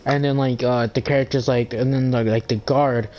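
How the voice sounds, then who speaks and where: A man's voice: medium pitch, steady tone, normal speed, a little mellow, poor audio. A man ranting in a casual monologue, rambling with lots of fillers, restarts and swearing. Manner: rambling, profane, full of "like" and restarts. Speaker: gaming channel host.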